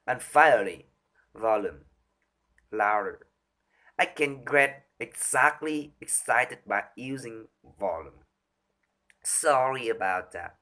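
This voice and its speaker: A man reciting a speech from memory, halting and restarting often as he stumbles over words. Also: mid-range voice, pushed and bright. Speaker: speaker rehearsing a talk on voice.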